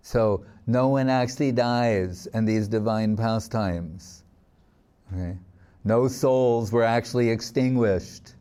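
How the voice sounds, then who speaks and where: Slow, mellow-voiced man giving a sermon. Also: medium pitch. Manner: unhurried, reflective storytelling with Sanskrit verses. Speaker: swami giving a spiritual talk.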